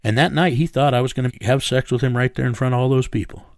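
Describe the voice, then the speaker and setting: Man, gravelly fry, blunt storyteller, interview subject. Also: mid-range voice, steady tone, fast talker, a little mellow, no room sound, clean studio sound. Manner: blunt, matter-of-fact storytelling. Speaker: interview subject recounting events.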